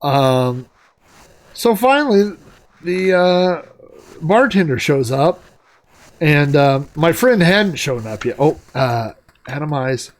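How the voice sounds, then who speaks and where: A man's voice: fairly high pitch, lively intonation, takes it slowly. A middle-aged man hosting a retro gaming show, telling a casual, rambling story with many fillers while he plays. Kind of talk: casual anecdote while playing a game.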